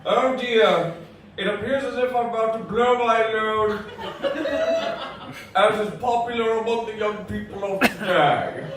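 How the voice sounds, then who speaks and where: A man puts on a stiff, mock-dignified old gentleman who speaks in pompous, overly proper phrases. The voice sits fairly high and comes from well back in a reverberant room. A faint murmur of the venue hangs underneath. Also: measured pace. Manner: pompous, overly formal diction. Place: live comedy venue. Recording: echoey room from far off.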